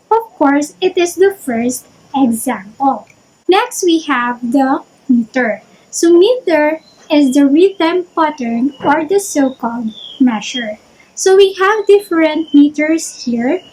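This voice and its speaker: Slow, high-voiced woman teaching a lesson. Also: a little mellow, low-quality recording. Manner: methodical, explains step by step with examples. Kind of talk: online lecture.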